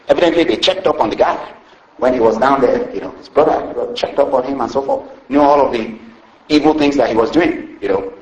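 A man preaching a sermon, retelling a parable with lively storytelling and a habit of asking "see?" after each point. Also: mid-range voice, quick pace. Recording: roomy echo.

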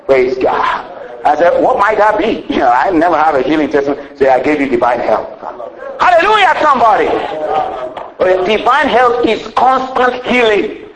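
A man preaching a sermon with fervent call-and-response exclamations, dropping to quiet asides and chuckling often. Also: echoey room, poor audio. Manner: fervent, swings between loud exclamations and low asides, laughs often.

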